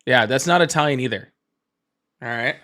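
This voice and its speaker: A man's voice: mid-range voice, normal speed, pushed and bright. A man hosting a casual livestream, rambling with many fillers and restarts, greeting chat viewers by name and swearing offhand. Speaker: livestream host.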